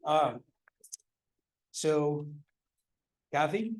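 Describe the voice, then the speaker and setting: A man's voice: medium pitch, fairly even intonation, measured pace, darkish tone. Joking man presenting awards in an echoing hall. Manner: joking, self-deprecating, loose. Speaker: department chair presenting awards. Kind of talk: ceremony speech. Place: large banquet hall. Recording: echoey hall, mic far off.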